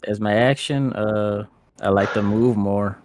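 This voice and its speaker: A man's voice: on the low side, steady tone, a little slow, darkish tone, no echo. Hesitant male player, dry sound. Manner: hesitant, unsure. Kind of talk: casual tabletop game play.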